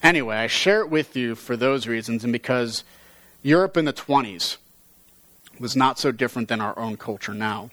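A man reading a story aloud in a measured voice, then teaching on it earnestly. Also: medium pitch, fairly bright tone, no echo.

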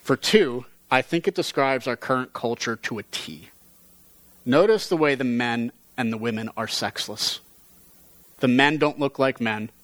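A man reading a story aloud in a measured voice, then teaching on it earnestly. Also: medium pitch, a bit bright, no echo.

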